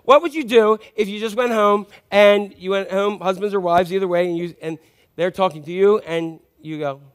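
High-voiced man preaching casually. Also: moderate pace, smooth. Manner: conversational, asks the congregation questions. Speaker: pastor. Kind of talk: sermon.

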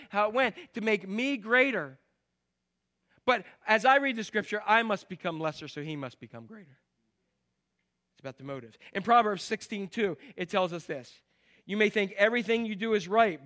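Pastore dalla voce acuta e brillante, predica animata. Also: male voice, sits high. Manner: animated storytelling, acts out quotes. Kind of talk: sermon.

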